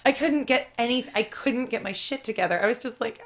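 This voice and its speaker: An American actor appearing as a guest tells a chatty, rambling story, laughing as she goes and using plenty of fillers. Her voice is a little high and a little fast, with crowd noise in the background.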